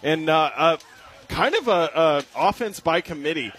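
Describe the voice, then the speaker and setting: A young man delivers upbeat post-game sports commentary in the role of a play-by-play commentator, joking and fixing his own slips along the way. His voice sits on the high side, animated and fairly bright, at a moderate pace.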